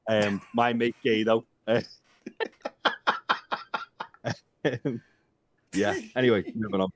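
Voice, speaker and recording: A man co-hosting a casual podcast rambles and jokes, swearing a lot and dropping plenty of filler ums. His voice is on the low side, steady and slow, and the lo-fi recording sounds dull and dry.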